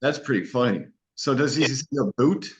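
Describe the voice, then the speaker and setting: A man's voice: medium pitch, moderate pace. A man chatting casually as interviewer, swearing often and laughing easily. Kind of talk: casual chat. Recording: dull lo-fi recording.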